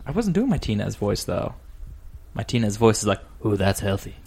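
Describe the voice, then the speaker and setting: Gravelly man rambling on a podcast. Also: lowish voice, very animated, warm tone. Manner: rambling, quick storytelling, puts on voices. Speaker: podcast host. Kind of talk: casual chat.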